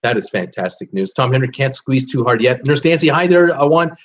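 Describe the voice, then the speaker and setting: A man's voice: mid-range voice, lively intonation, a little fast, dull audio, slight background noise. A man hosting a live stream, casually reading viewer comments aloud with lots of fillers and restarts. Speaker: host reading live chat.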